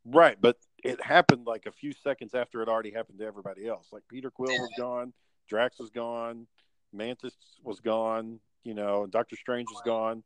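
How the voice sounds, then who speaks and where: A man's voice: medium pitch, fairly even intonation, moderate pace, no room sound, rough recording. A man chatting casually about a movie, brash and profane, talking with gleeful bluntness.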